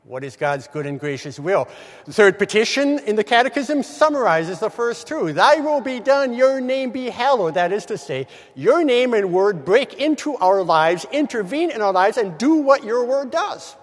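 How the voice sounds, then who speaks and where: High-voiced man preaching in a hall. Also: very animated. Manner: measured, emphatic, stretches key words slowly. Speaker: preacher giving a devotion. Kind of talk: morning devotional reflection.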